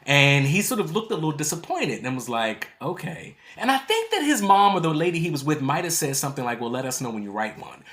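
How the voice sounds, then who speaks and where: A man's voice: on the high side, big pitch swings, fast talker, few pauses, a bit bright. A man in his thirties, a poet and author, telling a story in conversation, acting out quotes and laughing often.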